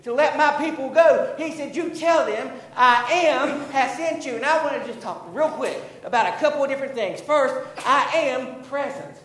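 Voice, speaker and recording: A male pastor preaching a sermon, building to emphatic, drawn-out declarations. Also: extremely high pitch, a bit bright, reverberant, low-quality recording. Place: church sanctuary.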